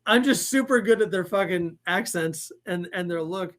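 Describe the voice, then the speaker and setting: A man's voice: high-pitched, moderate pace, fairly bright tone. A middle-aged man hosting a casual live stream, rambling and swearing, often breaking into laughter. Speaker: podcast host.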